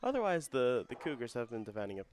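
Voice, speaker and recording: A young man doing play-by-play for a student soccer broadcast. His voice climbs and quickens as the attacks build. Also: medium pitch, sing-song, darkish tone, slight background noise. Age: young adult. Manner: rises and speeds up with the action. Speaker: play-by-play commentator. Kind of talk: student sports commentary.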